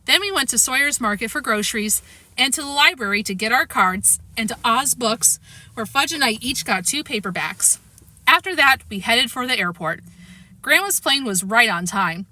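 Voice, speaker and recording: A woman reading a children's chapter book aloud in an expressive storytelling manner. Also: fairly high pitch, moderate pace. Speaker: audiobook reader.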